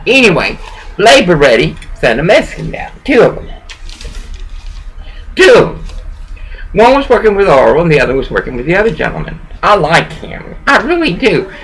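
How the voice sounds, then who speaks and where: A woman's voice: fairly low pitch, big pitch swings, brisk, fairly bright tone, low-quality recording. A woman recording a rambling personal monologue at home on her laptop, preachy and emotional, swinging between laughter and bitterness. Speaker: vlogger. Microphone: laptop webcam.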